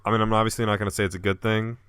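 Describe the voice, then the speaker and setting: A man's voice: fairly low pitch, little pitch movement, racing, a bit bright, smooth, no echo. A young man co-hosting a casual podcast, chatting and reading listener mail aloud, often laughing. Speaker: podcast co-host.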